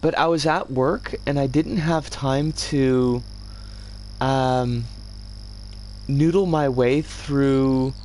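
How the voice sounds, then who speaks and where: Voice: medium pitch, steady tone, very slow, long pauses, a little mellow, slight background noise. A game streamer talking casually while building a level, chatting with viewers and often stopping to correct themselves. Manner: rambling, chats with viewers and reads chat aloud; self-correcting, trips over words.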